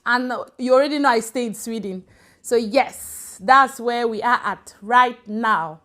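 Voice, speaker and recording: A woman's voice: a little high, a little slow. A woman from Cameroon hosting her own live stream, chatting casually and greeting viewers by name as they join. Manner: chatty and warm, switching between English and Swedish, greeting commenters by name. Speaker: channel host on a live stream.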